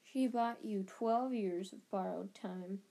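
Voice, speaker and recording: Woman doing Riddle, quiet taunting dark wizard. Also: mid-range voice, slow, vocal fry. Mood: gloating. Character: cold, gloating young male dark wizard. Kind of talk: audiobook reading.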